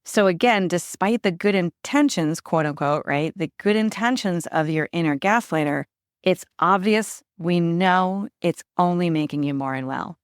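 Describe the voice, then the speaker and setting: A woman hosts her own podcast, speaking in a lowish voice. She coaches the listener in a conversational way and keeps checking in with "right?". The recording is close and dry. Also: moderate pace, clear, resonant tone, no echo. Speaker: podcast host. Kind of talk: solo podcast talk.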